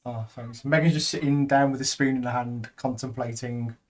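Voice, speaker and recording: While streaming a game, a man chats and jokes casually, teasing his daughter the way a father would. His medium-pitched voice has fairly even intonation and a moderate pace, and his jokey, rambling manner suits the casual stream chat.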